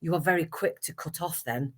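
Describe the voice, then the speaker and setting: A middle-aged woman, speaking as a guest actress and singer in a candid conversation. Her delivery is animated and emphatic, and she acts out remembered exchanges as she goes. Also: low-pitched, fairly quick.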